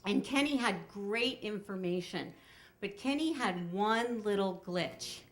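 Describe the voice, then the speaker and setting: Wry middle-aged woman telling a story. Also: on the low side. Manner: wry, animated, slows for punchlines. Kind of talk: live storytelling performance. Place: stage before an audience.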